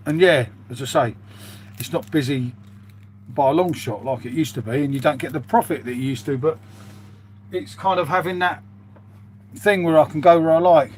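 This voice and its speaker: A man's voice: fairly high pitch, moderate pace, pauses often, a little hiss or hum. A British man chatting casually to his live-stream viewers, rambling and calling them "mate". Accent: British English. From United Kingdom. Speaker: live streamer reading chat.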